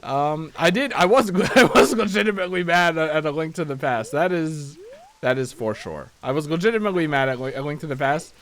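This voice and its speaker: A man with a somewhat high voice talks his way through a video game in casual commentary. He rambles, restarts his sentences and pokes fun at himself as he goes. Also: expressive, brisk, a bit bright. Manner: rambling, self-deprecating, chatty with frequent restarts. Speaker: let's play host.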